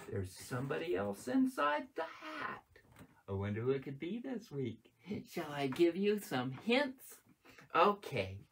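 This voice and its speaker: A man hosts a live children's show with a lively, bouncing voice that swings high and low. He talks unhurriedly with a husky edge, gasping and singing playfully for young viewers. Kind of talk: live children's show with magic tricks and songs.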